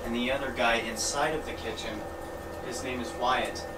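A man investigating the paranormal, calmly addressing an unseen presence and explaining his gear. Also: medium pitch, normal speed, heavy background noise. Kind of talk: ghost-hunting spirit call-outs.

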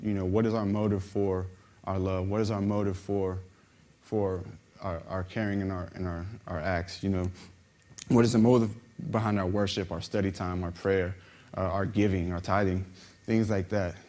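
A young man speaking as a minister, giving an informal sermon in a conversational, halting way with many restarts. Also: deep voice, level tone, darkish tone.

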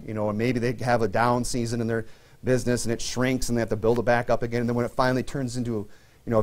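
A male pastor preaching a sermon in a conversational way, leaning on fillers and rising in pitch to stress his points.

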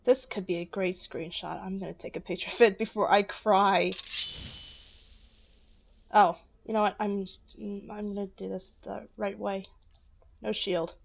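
A woman hosts a casual let's play, talking softly and slowly and repeating the same sad exclamations. Her voice sits at a middle pitch, and the recording sounds a little dull. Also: fairly even intonation, gravelly. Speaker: gaming video host.

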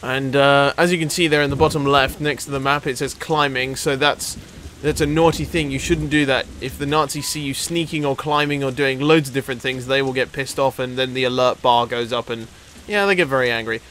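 A young man, commentating on gameplay casually, excitable and swearing often. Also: mid-range voice, a little fast, a little hiss or hum. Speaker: let's play host.

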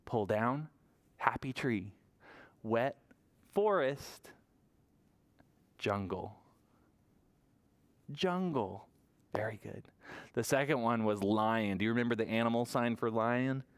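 Man, children's librarian, sing-song toddler story time voice, mid pitch, animated. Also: clear, resonant tone.

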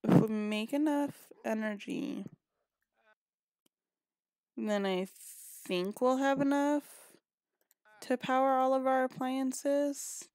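A woman's voice: high voice, fairly even intonation, slow pace, pauses often, darkish tone, dry recording. A woman giving casual gameplay commentary, chatty and scolding her characters, a little sniffly and yawning. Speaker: gaming video creator.

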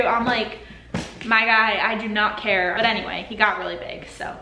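A woman's voice: on the high side, steady tone, moderate pace, background noise. A young woman chatting casually to camera at home for her vlog, filling her talk with lots of "like". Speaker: lifestyle vlogger. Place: home, apartment. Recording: echoey room.

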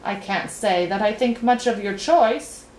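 A woman's voice: mid-range voice, close to an everyday voice. A woman voicing an impatient, pompous male king who bellows commands. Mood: brusque. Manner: loud, commanding, drawn-out lines. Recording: roomy echo, faint ambience.

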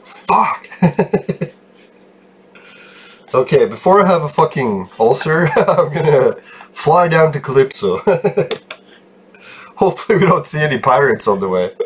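A man's voice: fairly high pitch, big pitch swings, moderate pace, a little hiss or hum. A young man giving profane, frustrated commentary over his gameplay, breaking into laughs. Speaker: game video creator.

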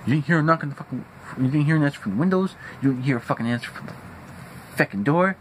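Young male vlogger, angry profane rant, animated delivery, light background noise. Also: fairly high pitch, racing, low-quality recording. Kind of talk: venting rant. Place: at home indoors.

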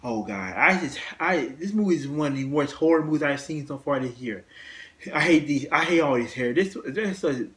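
A man hosting his own channel, ranting casually about films in a halting way, with lots of restarts, repeated words and blunt swearing. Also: fairly high pitch, animated, fairly bright tone. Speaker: host. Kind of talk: casual movie rant.

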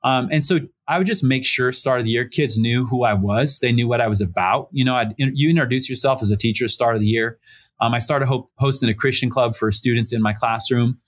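A man in his thirties, a pastor joining a conversation remotely, tells a personal story in an easygoing, conversational way. He uses lots of fillers and acts out the people he quotes, lifting his voice for each one. His voice sits at an ordinary male pitch. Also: a little fast. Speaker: pastor, podcast guest. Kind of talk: casual personal storytelling in an interview. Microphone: remote call setup.

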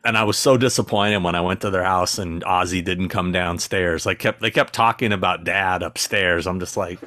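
A man's voice: sits low, fairly even intonation, moderate pace, pushed and bright, dry recording. A man with a dry, sarcastic sense of humor, telling stories as a guest in a casual podcast interview.

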